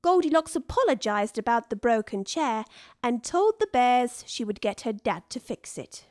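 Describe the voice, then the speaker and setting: A woman reading a children's story aloud, expressive and unhurried. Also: fairly high pitch, dry recording. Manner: slow, lively, expressive. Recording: dry studio with soft music.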